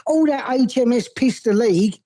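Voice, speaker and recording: Cockney bloke ringing in, mellow dark voice, rambling footy rant, swears a lot. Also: male voice, very high-pitched, normal speed, no room sound, poor audio. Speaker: phone-in caller. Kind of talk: casual chat.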